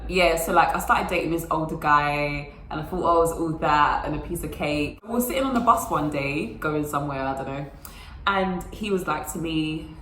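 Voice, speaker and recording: Bright, chatty young woman. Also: low voice, normal speed, roomy sound, slight background noise, low-quality recording. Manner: chatty, lots of fillers, acts out quotes. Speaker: vlogger. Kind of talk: casual storytelling to camera. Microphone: phone camera.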